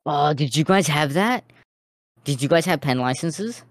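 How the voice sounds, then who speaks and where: A man's voice: fairly high pitch, lively intonation, measured pace, dry recording, studio quality. A man co-hosting a casual streamed podcast, laughing often as he tells stories. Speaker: podcast co-host.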